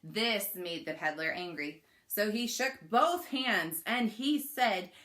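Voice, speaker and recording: A woman's voice: medium pitch, lively intonation, slow pace, a bit bright. A woman reading a children's picture book aloud, coaxing young listeners to join in with questions and actions. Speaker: children's story reader.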